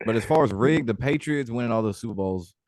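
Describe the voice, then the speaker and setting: A man's voice: mid-range voice, lively intonation, fast, a little mellow, no echo, clean studio sound. A young man being interviewed, talking casually with lots of filler words. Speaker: guest.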